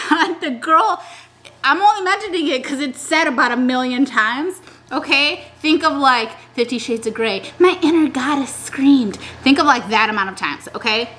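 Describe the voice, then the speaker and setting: A young woman chatting casually in a vlog, slangy and animated, often trailing off and restarting. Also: high-pitched, normal speed. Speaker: vlogger. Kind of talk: casual chat.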